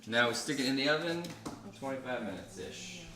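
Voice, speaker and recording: A man casually chatting while cooking, relaxed and repeating phrases. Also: mid-range voice, a little fast, distant mic. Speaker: cook. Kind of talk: casual cooking demo chat. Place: kitchen. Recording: echoey kitchen, mic from afar, noisy. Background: frying and sizzling.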